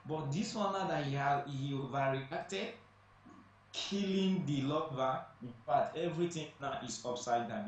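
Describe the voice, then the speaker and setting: A man speaking as a guest on a studio talk show, emphatic and repeating phrases for stress. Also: mid-range voice. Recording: echoey distant room mic, faint noise.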